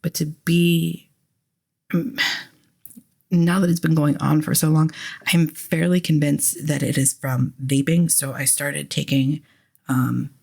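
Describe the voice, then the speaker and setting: A woman hosting her own podcast in casual solo talk, candid and rambling, with a hoarse, phlegmy voice and frequent restarts. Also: low voice, dark tone. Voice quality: raspy, phlegmy voice with a lingering cough. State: hoarse throat. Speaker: podcast host.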